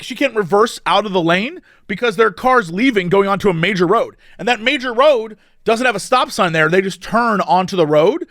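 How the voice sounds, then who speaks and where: Animated high-voiced man telling a story. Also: no echo, studio quality. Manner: animated, acts out other people's lines. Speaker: podcast co-host. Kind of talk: casual storytelling.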